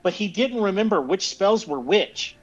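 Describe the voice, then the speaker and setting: A man in his fifties, his voice high with lively intonation and a moderate pace, rambles through a long story in casual conversation, restarting often. The audio is dull and lo-fi, with faint music in the background.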